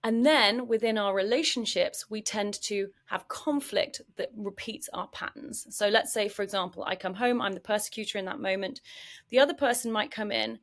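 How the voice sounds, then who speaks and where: Woman psychologist on a podcast, chatty and lively, keeps acting out little examples. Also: mid-range voice, normal speed. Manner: animated, acts out quoted speech. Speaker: psychologist guest. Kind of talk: explanatory podcast conversation.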